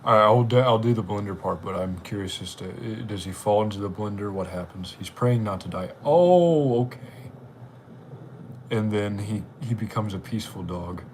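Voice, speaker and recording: Casual male streamer, mid-pitched and rambling, with a faint hiss in the background. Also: moderate pace. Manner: rambling, chatty. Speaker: livestream host. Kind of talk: casual live-stream chat.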